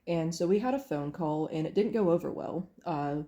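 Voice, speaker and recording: A young woman speaks in a mellow, slightly low voice. She tells a personal story to camera, candid and earnest, and acts out what others said along the way. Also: expressive, moderate pace. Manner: candid, earnest, recounting with quoted dialogue. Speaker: vlogger.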